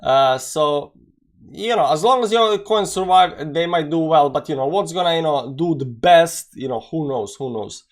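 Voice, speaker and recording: A young man hosts a daily live stream in a loose, conversational way, greeting viewers by name as he talks. His speech is full of "you know" fillers and restarts. His voice sits somewhat higher than most men's. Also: animated, moderate pace. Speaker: crypto market show host. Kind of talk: live-stream market chat.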